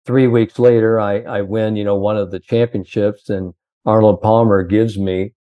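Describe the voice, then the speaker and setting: A man's voice: on the low side, little pitch movement, normal speed, dry recording, narrow, tinny audio. An older man, a sports psychologist, telling long rambling anecdotes full of "you know".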